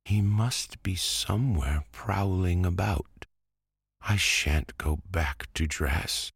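A man's voice: sits low, takes it slowly, creaky, slightly rough, no echo, studio quality, voice pushed up, full character voice. A man doing a frightened young ballet girl. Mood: fearful.

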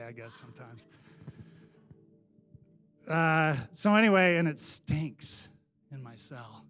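A man preaching his personal testimony in a sermon, animated and self-deprecating, laughing at himself and swinging from loud bursts to hushed asides. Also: mid-range voice.

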